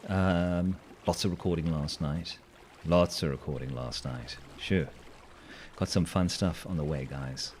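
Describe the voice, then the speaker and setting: A hoarse man chatting casually while streaming a game, playful and rambling, with silly sing-song asides. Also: sits low, a little slow, a little mellow, slight background noise.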